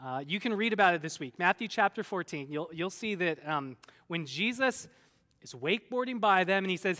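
A high-voiced man preaching in a big hall, his bright, forceful voice trailing off into long reverb. He tells Bible stories like a storyteller, slipping into the voices of the people in them. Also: moderate pace. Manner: animated storyteller, acts out voices of biblical figures. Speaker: pastor. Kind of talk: sermon.

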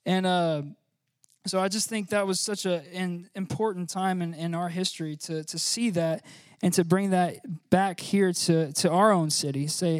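A man giving an informal, chatty sermon, laughing often and filling pauses with "uh". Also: high voice, fairly even intonation, dry recording, clean studio sound. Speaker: church speaker.

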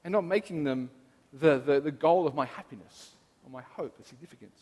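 A man's voice: a little high, brisk, a little mellow. A man in his thirties, a pastor, giving a sermon in an earnest, personal, reflective way. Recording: long reverb of a large hall.

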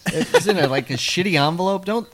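A man's voice: high voice, lively intonation, brisk, a bit bright. A man co-hosting a podcast in casual chat, rambling and joking and often tripping over his words. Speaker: podcast co-host.

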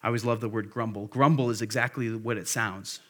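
A man's voice: lowish voice, fairly even intonation, brisk, fairly bright tone. A man preaching a sermon at a church service, earnest and conversational, repeating key phrases for emphasis. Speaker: pastor.

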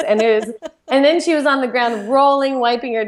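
With a high-pitched voice, a little fast, and background noise behind her, this podcast co-host chats casually and enthusiastically. Her recap is full of filler words.

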